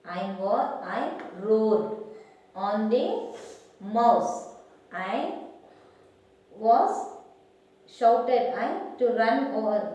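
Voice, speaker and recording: A woman slowly telling a children's story, halting and correcting herself as she goes. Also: medium pitch, warm tone. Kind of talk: slow storytelling with pointing and retelling. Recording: echoey room from far off.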